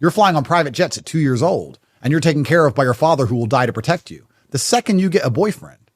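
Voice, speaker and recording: A man with a raised, bright-toned voice that swings widely from low to high as he talks. He speaks as a podcast guest in a blunt, emphatic, declarative way and drives home each point firmly. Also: expressive, fast talker. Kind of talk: podcast conversation.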